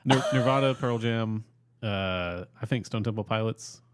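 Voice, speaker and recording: A man's voice: lowish voice, unhurried, clean tone. A man co-hosting a casual podcast chat, talking in a hesitant, understated way. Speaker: podcast co-host.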